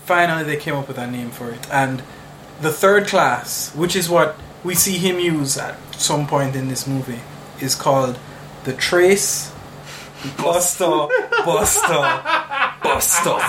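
A man's voice: on the high side, a bit bright, a little hiss or hum, low-quality recording. A man co-hosting a casual podcast chat about movies, laughing often between remarks. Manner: laughs often, drawn-out jokey delivery. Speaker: podcast co-host.

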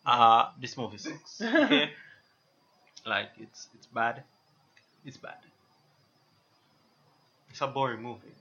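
Man, dry sarcastic delivery, blunt opinions, lively pitch, casual movie review chat. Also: slow pace, long pauses, lo-fi sound, a little hiss or hum.

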